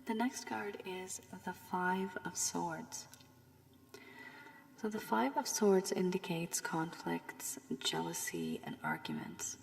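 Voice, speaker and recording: A woman giving a rambling tarot reading while recovering from a cold, her voice strained and husky, slipping at times to a whisper. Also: fairly low pitch, lively intonation, slow pace, big-room sound, a little hiss or hum. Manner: loose and rambling with many fillers, warning and advising. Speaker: tarot reader. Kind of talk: casual tarot reading monologue.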